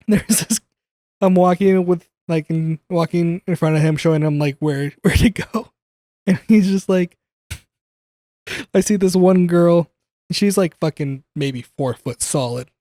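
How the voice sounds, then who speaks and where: A man's voice: on the high side, measured pace, warm tone, dry recording. A young adult man telling a work story on a podcast in casual chat, swearing, laughing and acting out what people said. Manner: profane, laughing, acts out quoted dialogue. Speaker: podcast co-host.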